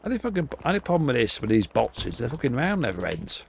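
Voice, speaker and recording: A man's voice: mid-range voice, wildly swooping pitch, fast, vocal fry, very noisy. An older man livestreaming a game, chatting to viewers in a rambling, profane, jokey way. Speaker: game streamer. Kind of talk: live gameplay commentary. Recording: game gunfire in the background.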